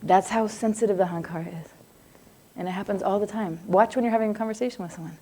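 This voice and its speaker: A woman's voice: medium pitch, fast, warm tone. A woman, middle-aged, teaches a psychology class in a conversational, roundabout manner. She drifts into asides, laughs easily and keeps asking her students if they follow. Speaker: psychology lecturer. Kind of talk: live class lecture.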